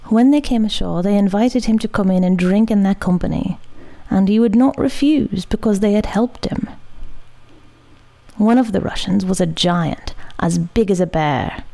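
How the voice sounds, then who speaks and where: A woman reading a literary short story aloud at a measured pace. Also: mid-range voice, creaky, dark tone, low-quality recording. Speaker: story reader.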